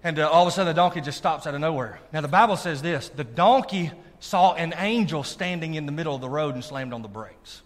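Pastor, man, lively sermon delivery, slightly high voice, long hall reverb. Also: quick pace, hardly any pauses. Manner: animated preacher, asks the congregation if they are listening. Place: church sanctuary.

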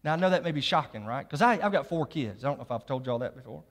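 A man's voice: mid-range voice, animated, very fast. A middle-aged male pastor preaching a sermon in a church, conversational and joking with the congregation between scripture readings. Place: church sanctuary. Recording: long hall reverb.

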